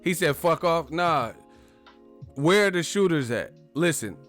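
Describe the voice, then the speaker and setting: A man hosting a live chat stream, talking casually and trash-talking commenters with loud bursts and laughs. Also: fairly high pitch, expressive, measured pace, faint music behind. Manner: brash trash talk, frequent laughing.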